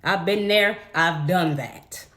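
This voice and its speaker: A woman's voice: fairly low pitch, takes it slowly, fairly bright tone. A young adult woman telling a story in a casual, blunt, profane rant to her viewers. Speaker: vlogger.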